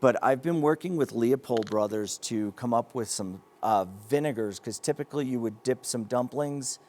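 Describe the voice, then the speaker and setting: A man, a chef who owns restaurants, talking about his food on a TV show set in a relaxed and easygoing way, a bit halting at times. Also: mid-range voice, a little hiss or hum. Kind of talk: casual interview.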